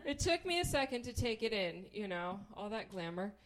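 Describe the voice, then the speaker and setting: A woman's voice: medium pitch, sing-song, a little fast, a crowd in the background. A woman from Kansas doing stand-up, telling a story in a wry, profane way and acting out the people in it. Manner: profane, wry, acts out quoted people in voices. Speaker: stand-up comedian.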